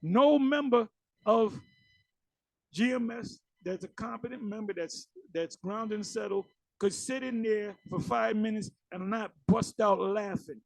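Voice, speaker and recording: A man giving ranting religious commentary on clips, animated and mocking, with many fillers. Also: sits high, unhurried, creaky, no echo, rough recording.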